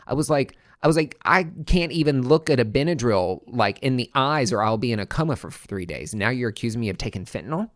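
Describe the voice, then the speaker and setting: A young adult man, a podcast host, telling a personal story in a casual way, swearing freely and swinging between hushed and excited. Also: medium pitch, fast, hardly any pauses, no room sound, clean studio sound.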